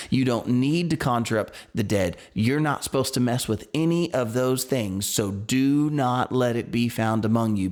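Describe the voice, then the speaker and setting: A man's voice: mid-range voice, a little mellow. A man with a light Southern US country accent, a pastor leading an earnest, emphatic Bible study. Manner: earnest, emphatic preaching with bursts of exclamation.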